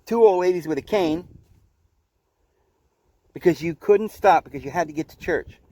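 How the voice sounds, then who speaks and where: A man hosting a podcast, giving an earnest, preachy spiritual talk, often halting and repeating words. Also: on the high side, warm tone, no echo. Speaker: podcast host. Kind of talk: spiritual teaching monologue.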